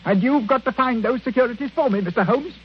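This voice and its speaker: Grumbly self-pitying old man, high voice, old-timey radio drama. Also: fast, slightly rough. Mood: whining. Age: older. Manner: whining, grumbling. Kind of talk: 1940s radio acting. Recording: dull old radio recording, faint hiss.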